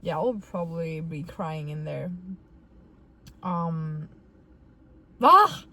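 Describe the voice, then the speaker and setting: A woman's voice: low voice, steady tone, slow, a little mellow, a little hiss or hum. A young woman vlogging casually, telling a story in a rambling, giggly and emotional way with many fillers.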